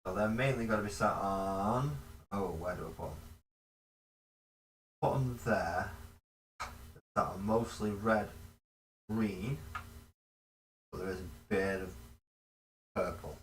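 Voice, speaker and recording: A man's voice: lowish voice, slow pace, long pauses, a little hiss or hum. A man chatting casually while painting miniatures, muttering to himself as he works.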